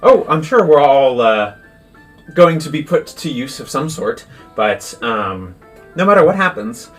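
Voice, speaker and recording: A man's voice: on the high side, very animated, a little slow, fairly bright tone, soft background music, full character voice. A man voicing a swaggering, noble-born human woman adventurer in a tabletop game. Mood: breezy.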